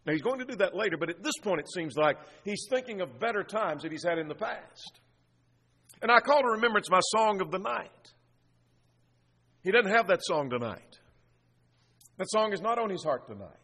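A man delivers an earnest expository sermon in a church sanctuary, working through a text with a run of rhetorical questions. His voice sits fairly high and bright, with a slightly husky edge. The sound carries a long reverb from the big room. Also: sing-song, brisk. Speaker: preacher. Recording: long reverb of a large hall.

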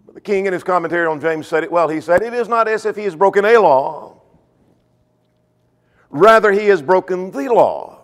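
A man preaching a sermon, emphatic, swinging between loud stressed points and soft drawn-out phrases. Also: high voice, big-room sound.

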